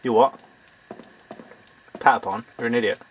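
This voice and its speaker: A man doing let's-play commentary, excitable, swearing at the game and talking to its characters, and a bit hoarse as he loses his voice. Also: mid-range voice, normal speed, a little hiss or hum. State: losing his voice. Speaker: let's player. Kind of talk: gameplay commentary.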